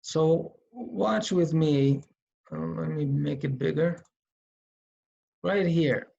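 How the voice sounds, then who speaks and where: A man teaching Quran reading in a slow, step-by-step tutorial, patiently thinking aloud as he writes. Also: a little high, creaky, dark tone, lo-fi sound.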